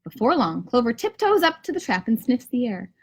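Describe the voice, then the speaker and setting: A kindergarten teacher reading a picture book aloud to children on a live stream from home, with lively storytelling. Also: female voice, on the high side, brisk, slightly rough. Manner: lively storytelling, rhymes read with bounce. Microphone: camera or phone on a live stream.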